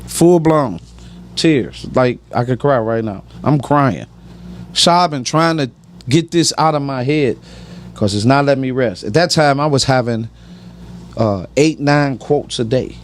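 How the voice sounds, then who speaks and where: A man's voice: mid-range voice, expressive, unhurried, a little hiss or hum. A man giving emphatic, preachy personal testimony on a podcast, often asking "right?".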